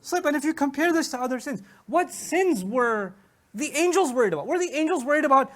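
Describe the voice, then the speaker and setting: A man teaching Quran commentary in an animated lecture, asking rhetorical questions and retelling stories with humor. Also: very high-pitched, fairly quick. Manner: animated, asks rhetorical questions and answers them.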